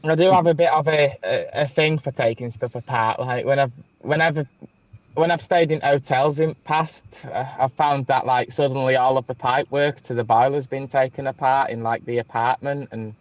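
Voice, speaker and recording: A man's voice: medium pitch, fairly even intonation, moderate pace, dry recording, lo-fi sound. A man in casual chat, joking and giggling as he rambles through stories.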